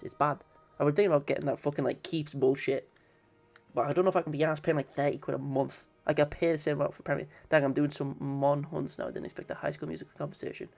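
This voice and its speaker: A man's voice: fairly high pitch, creaky. A man streaming casually, swearing and bantering with his chat.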